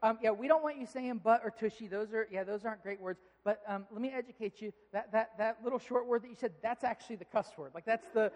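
A man in his thirties preaching a sermon, telling family stories in a relaxed, conversational way. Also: high-pitched, fast talker, few pauses, lo-fi sound. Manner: conversational, storytelling, animated when amused. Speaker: pastor. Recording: long reverb of a large hall.

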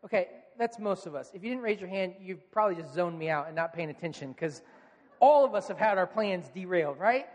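A male pastor in his thirties preaching a sermon in a relaxed, conversational storytelling manner, acting out quoted lines. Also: sits high, in a large hall.

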